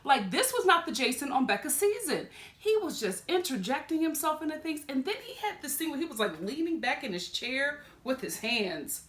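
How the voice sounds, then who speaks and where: Woman doing a chatty tv recap vlog, kinda high voice, roomy echo, laughs a lot. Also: moderate pace, few pauses. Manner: animated, lots of laughs and high exclaims. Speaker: vlogger reviewing a TV show. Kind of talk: casual chatty review.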